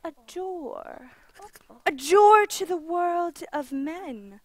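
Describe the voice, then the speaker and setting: A woman's voice: very high voice, drawn-out words, exaggerated voice. A woman voicing a haughty, cruel queen who mocks and cackles. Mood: scornful. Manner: cackling, scornful, draws out words. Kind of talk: audio drama acting.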